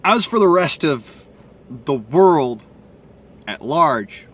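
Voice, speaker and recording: A man's voice: fairly high pitch, big pitch swings, takes it slowly. A man with a Southern accent and a stutter, talking bluntly and profanely into his cell phone in a rambling monologue. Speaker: vlogger. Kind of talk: casual monologue to camera.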